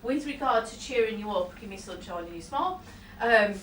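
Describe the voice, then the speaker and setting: A woman psychic medium reads for a live audience in a medium-pitched, animated, slightly bright voice with a brisk pace. Chatty throughout, she laughs often and breaks off to apologize in asides. The recording has a roomy hall sound, a distant mic and faint noise.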